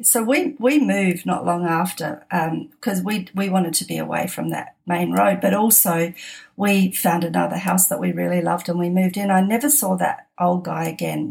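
A middle-aged Australian woman tells a story on her podcast in a loose, chatty way. She laughs often and keeps restarting her sentences. Her voice sits in an ordinary middle pitch. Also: gravelly. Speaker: podcast host. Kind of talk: casual anecdote storytelling.

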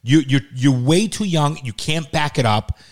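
A man's voice: fairly high pitch, lively intonation, normal speed. A man, a father co-hosting a podcast, lecturing his son bluntly and sternly, cursing often. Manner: blunt, lecturing, heavy swearing. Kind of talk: casual podcast chat.

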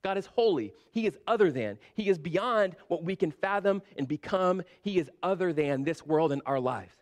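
High-voiced man preaching conversationally. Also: moderate pace. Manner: conversational, animated retelling with frequent "like". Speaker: pastor. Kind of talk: sermon.

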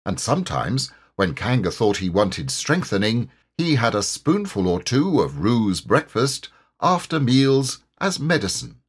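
A man reading a children's storybook aloud with expressive storytelling. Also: medium pitch, a little slow, slightly rough. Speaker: audiobook reader. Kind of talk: storybook narration.

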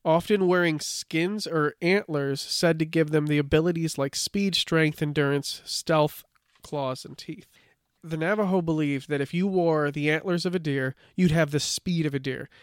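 Smooth, higher-voiced man telling lore casually. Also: normal speed, no room sound, clean studio sound. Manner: relaxed storytelling, reads from notes, many "like" fillers. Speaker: podcast co-host. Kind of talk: casual chat.

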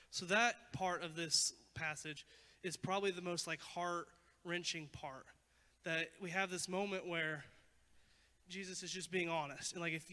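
Young male pastor, high-pitched, casual and animated sermon delivery, long reverb. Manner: casual, animated preaching with many "like" fillers. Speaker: youth pastor.

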